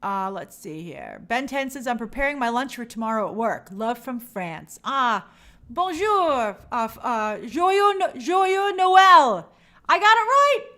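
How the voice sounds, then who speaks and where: A woman's voice: on the high side, big pitch swings, moderate pace, hardly any pauses, pushed and bright. A woman hosting a livestream, chatting casually and reading viewer comments aloud in an upbeat way. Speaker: host reading live chat.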